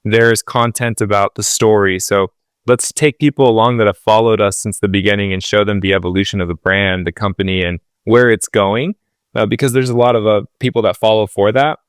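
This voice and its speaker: Relaxed low-voiced male podcast guest. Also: brisk, clean tone, no room sound, clean studio sound. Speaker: guest, company co-founder. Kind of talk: casual interview chat.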